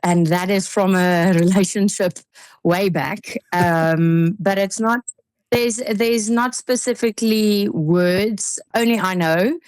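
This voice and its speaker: A young South African woman with a South African accent speaks slowly at a medium pitch, her tone darkish and with no room sound. She's a singer chatting as a guest in a radio studio interview, giggly and full of fillers and restarts.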